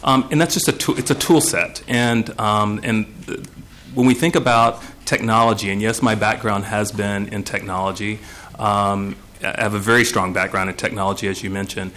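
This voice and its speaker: Hesitant, lower-voiced man at a hearing. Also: steady tone, normal speed, a bit bright, slight background noise. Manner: hesitant, searching for words, many fillers. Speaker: board nominee. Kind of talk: testimony at a legislative committee hearing.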